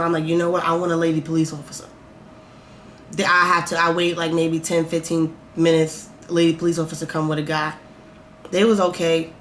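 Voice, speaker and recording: A woman telling a personal story in a vlog, animated and profane, swinging between loud outbursts and slow, quiet musing. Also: fairly low pitch. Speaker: vlogger. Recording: roomy echo, faint background noise.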